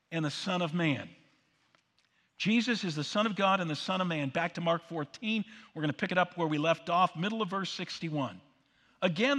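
A pastor preaching in a church sanctuary, his bright, forceful voice carrying a long reverb from the big room. He is emphatic and leans on rhetorical questions, calling the congregation to repeat lines after him. His pitch sits a bit high for a man. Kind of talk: sermon.

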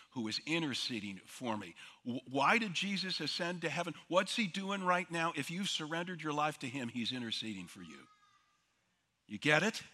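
A man's voice: a little high, bright, forceful tone. A male pastor preaching an earnest sermon, quoting scripture as he teaches. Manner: earnest preaching, quotes scripture and movie lines. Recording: long reverb of a hall.

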